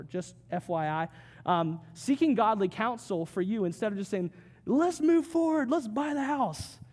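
A male pastor giving a conversational sermon, with joking asides and quick acted quotes. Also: sits high, a little mellow.

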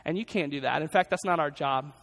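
A high-pitched male pastor delivers an energetic sermon, hammering his points home through repetition. His voice rings out with a long reverb, as if it fills a large church hall. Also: fast talker, gravelly. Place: church sanctuary.

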